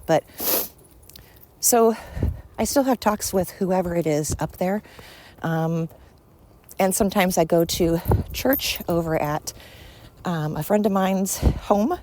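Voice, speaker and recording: A woman with a fairly low voice hosts a solo podcast in a casual monologue. She talks bluntly and rambles, with a faint noise under the recording. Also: mellow. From Sweden. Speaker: podcast host.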